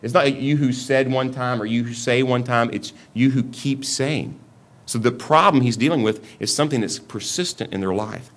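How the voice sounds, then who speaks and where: A man's voice: medium pitch, brisk, few pauses, fairly bright tone. A middle-aged man preaching a sermon in a conversational way, often repeating words as he restarts his sentences. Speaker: pastor.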